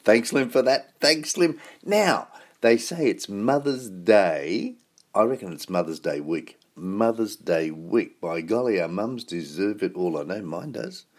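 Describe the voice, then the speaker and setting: A man's voice: fairly low pitch, expressive, measured pace. Folksy Australian man hosting radio. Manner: folksy, chatty, upbeat. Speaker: radio host. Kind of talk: casual radio chat.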